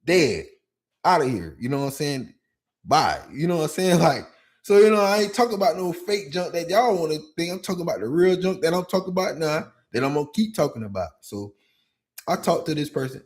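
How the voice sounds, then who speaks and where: Brief: man, slightly high voice, podcast host ranting casually, animated and frustrated. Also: brisk. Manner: animated, venting, repeats "you know what I'm saying". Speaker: podcast host and youth coach. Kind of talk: casual monologue.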